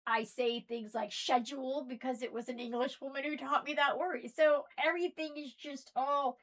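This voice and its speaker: A woman with a mixed Southern and Northern American accent, delivering an impassioned, preachy monologue that swings between loud outbursts and soft asides. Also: high-pitched, steady tone, moderate pace. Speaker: spiritual video host.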